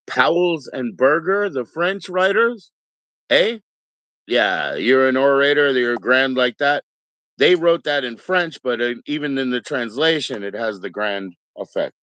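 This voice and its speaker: A laid-back man rambles through a live stream, greeting viewers in an easygoing, meandering way. His voice sits at a middle pitch, and the sound is dry and close, with no room echo. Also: animated, unhurried, fairly bright tone, highs cut off. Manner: rambling, laid-back, greets chat members, mock Aussie slang. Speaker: livestream host.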